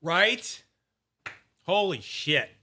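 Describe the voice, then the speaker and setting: Bright-voiced man telling a story. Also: high-pitched, very slow. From Canada. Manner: animated, swearing, acts out the people in his story. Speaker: YouTube fidget collector host. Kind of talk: casual storytelling vlog.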